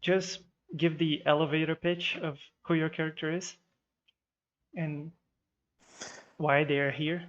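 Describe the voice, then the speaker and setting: A man running an online tabletop game as game master, talking in a relaxed way and laughing easily. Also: a little high, unhurried, pauses often, highs cut off.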